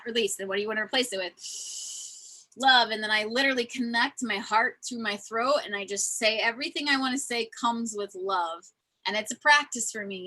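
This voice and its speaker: Bright-voiced woman chatting about spirituality, earnest and animated, kinda high. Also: poor audio. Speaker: host. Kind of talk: casual spiritual chat.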